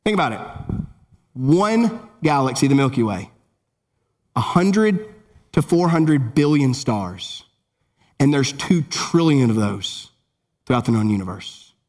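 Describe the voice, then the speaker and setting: A middle-aged man preaching a sermon in a lively, conversational way, with casual asides and jokes. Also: mid-range voice, takes it slowly, pauses often. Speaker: pastor.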